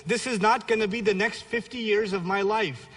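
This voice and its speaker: A man's voice: high voice, steady tone, moderate pace, a bit bright. A man in his thirties from a Pakistani family raised in New York City, giving a blunt, humorous religious lecture. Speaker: Islamic lecturer. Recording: long reverb of a lecture hall.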